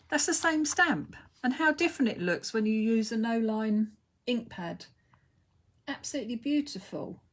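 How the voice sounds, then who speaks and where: A woman's voice: medium pitch, a little hiss or hum. British lady going on about cards on a live stream, middle-aged, gushy, easy chatty talk. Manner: effusive, gushing with praise. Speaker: craft designer hosting a live stream. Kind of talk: casual live stream chat showing cards.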